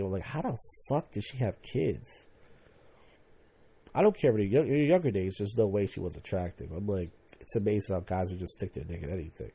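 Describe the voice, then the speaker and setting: A man's voice: on the low side, warm tone. A young man hosting a podcast, ranting casually and profanely about his old job and acting out his coworkers. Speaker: podcast host. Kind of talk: casual monologue.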